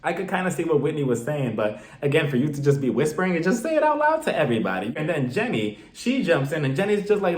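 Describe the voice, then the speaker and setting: A man in a fairly high register rattles off an opinionated recap of a reality show. His tone jumps around expressively, and his voice bounces around an echoey room. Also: very animated, quick pace, few pauses. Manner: chatty, opinionated, exasperated. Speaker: reality TV reviewer. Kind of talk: casual vlog recap. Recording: roomy echo.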